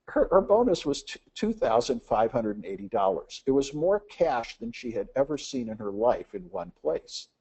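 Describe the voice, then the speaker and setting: A man's voice: mid-range voice, big pitch swings, normal speed, warm tone, husky. A man giving a business presentation, telling anecdotes and acting out the dialogue, with frequent "uh" fillers.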